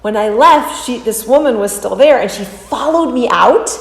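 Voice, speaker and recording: A woman in her thirties hosting a reaction video, telling a personal story with animated delivery and acting out other people's voices. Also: a little high, moderate pace, few pauses. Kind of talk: casual reaction commentary. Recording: roomy, echoey room.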